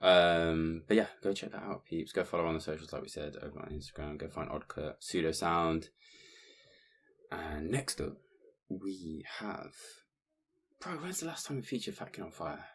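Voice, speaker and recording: A man co-hosting a podcast in relaxed, casual chat, swearing and saying "bro" often, with lots of ums. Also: sits low, moderate pace, a little hiss or hum. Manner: laid-back, swears, frequent ums and "bro". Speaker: podcast co-host.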